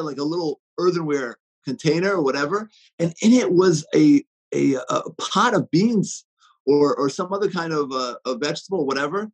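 A man's voice: high-pitched, slightly rough, poor audio. A man giving an inspirational talk, telling stories with many fillers and restarts.

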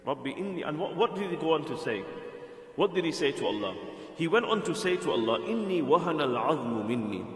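A man's voice: fairly high pitch, very animated, fairly quick. Earnest man preaching in an echoey hall. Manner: earnest, explanatory, repeats phrases for emphasis. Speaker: Islamic preacher. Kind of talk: sermon.

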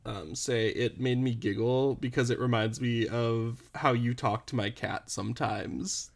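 A man's voice: mid-range voice, fairly even intonation, measured pace, vocal fry. Rambling man co-hosting a podcast. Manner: rambling, with frequent "like" fillers and sighs. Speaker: podcast co-host. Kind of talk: casual chat recapping a TV show.

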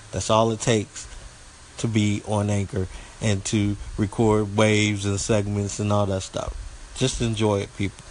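Slow folksy Southern man. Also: lowish voice, darkish tone, a little hiss or hum, rough recording. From southeast United States. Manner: folksy, slow-talking, stumbles over words. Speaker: podcast host. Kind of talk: casual solo podcast monologue.

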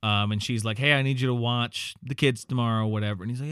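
A man's voice: medium pitch, steady tone, quick pace, a bit bright, clean tone, no echo, studio quality. A man co-hosting a podcast, casually recapping a movie with lots of fillers and restarts and acting out the characters' lines. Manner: rambling, filler-heavy, quotes characters in voices. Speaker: podcast co-host.

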